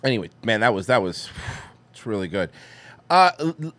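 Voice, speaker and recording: A man's voice: fairly low pitch, big pitch swings, brisk, fairly bright tone, dry recording. A man hosting a podcast, commenting on videos with casual, profane sarcasm. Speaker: podcast host.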